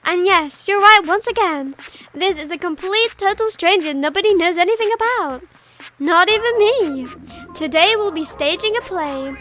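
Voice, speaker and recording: A woman's voice: very high-pitched, lively intonation, moderate pace, a bit bright. A woman voicing a cheerful, sadistic girl who hosts a show, speaking in a sweet, mocking sing-song while reading game dialogue.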